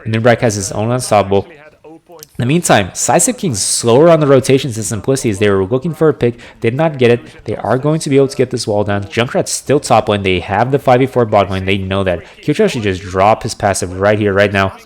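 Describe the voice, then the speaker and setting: A man casting a video game match with live play-by-play, analytical and getting excited on big plays. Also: lowish voice, fast. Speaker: esports caster.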